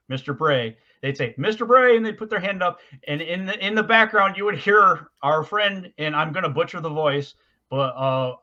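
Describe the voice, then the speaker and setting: A man's voice: fairly high pitch, pushed and bright. A man co-hosting a podcast in casual chat, rambling and hesitant, with lots of fillers and restarts. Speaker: podcast co-host. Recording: dull lo-fi recording.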